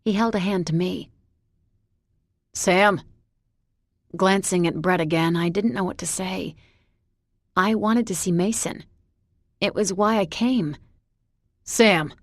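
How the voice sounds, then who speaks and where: A woman narrating a novel in the first person, measured and introspective. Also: on the low side, dry recording, studio quality. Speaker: audiobook narrator.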